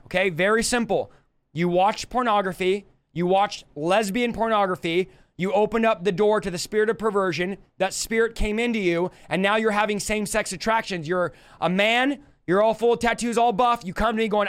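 Young adult male preacher, live teaching; smooth, high-pitched, forceful and repetitive delivery. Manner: emphatic, repetitive exhortation.

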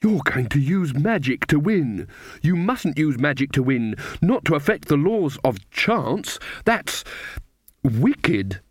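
A man voicing a prim, smug young woman witch in a storybook reading, speaking slowly and precisely. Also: on the high side, very animated, slightly rough, dry recording, studio quality, voice pushed up, heavily acted. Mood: prim, disapproving.

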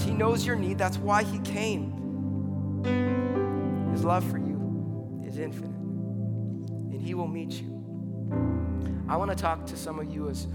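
A man in his thirties preaching a sermon, telling a story in a lively, conversational way with lots of asides. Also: a little high. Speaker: pastor. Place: church hall. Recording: reverberant hall with faint music.

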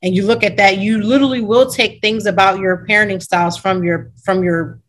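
A woman's voice: medium pitch, fairly even intonation, brisk, poor audio. A woman hosting a conversation, speaking in an earnest, reflective way. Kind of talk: conversational interview.

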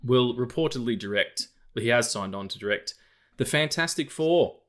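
A man in his thirties co-hosts a loose film podcast, talking in a rambling way full of ums and restarts. His voice sits at an ordinary middle pitch for a man. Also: expressive, normal speed. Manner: rambling, many fillers and restarts. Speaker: podcast co-host. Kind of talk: casual film podcast chat.

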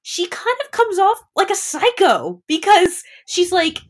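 A woman co-hosting a casual chat, rambling and animated, full of fillers and restarts. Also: very high-pitched, a little slow. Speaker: podcast co-host. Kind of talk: casual chat about a movie.

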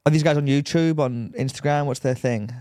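A man's voice: a little high, darkish tone, dry recording. Teasing man on a podcast, dry sound. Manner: joking, teasing, quick to laugh. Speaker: podcast co-host. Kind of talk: casual podcast chat.

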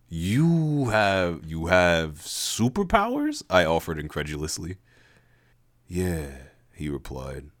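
Host deep-voiced man reading a story aloud, relaxed and chatty. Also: dry recording, studio quality. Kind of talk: casual read-aloud storytelling.

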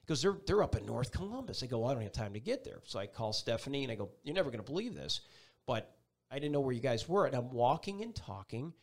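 A man's voice: medium pitch, fast. A middle-aged man, a TV meteorologist and guest, telling a personal story with feeling and acting out the people in it. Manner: animated, acts out voices in his story.

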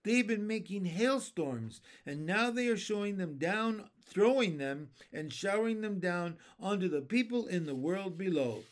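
A man voicing an eager, quick-witted young boy in a storybook reading, speaking urgently. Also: animated. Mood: excited. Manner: eager, urgent, raised pitch. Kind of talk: storybook read-aloud.

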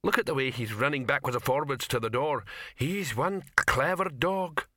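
A man voicing slow, dim-witted male trolls with broken grammar in an audiobook. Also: medium pitch, pushed and bright, dry recording, clean studio sound.

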